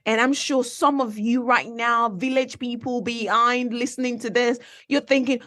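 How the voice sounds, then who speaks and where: A young woman from Nigeria hosting a solo podcast, telling a travel story in a chatty, animated way with asides and questions to her listeners. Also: a little high, normal speed, few pauses, no echo, studio quality. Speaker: podcast host. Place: based in Manchester, recorded dry and close.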